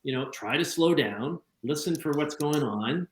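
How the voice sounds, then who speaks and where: A male podcast host talks fast in a casual, chatty way, tripping over his own restarts and repeating words as he goes. His voice sits a little high. The sound carries a noticeable room echo. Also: lively intonation. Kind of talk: casual conversation.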